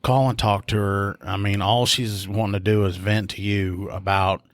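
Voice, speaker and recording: A man tells a work story on a podcast, in a voice on the low side. The sound is close and dry with no room around it. He lifts his pitch to act out the people he quotes. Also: little pitch movement, moderate pace, no echo. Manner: storyteller who acts out quotes in a raised voice. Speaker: podcast co-host, field training officer. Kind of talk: casual storytelling chat.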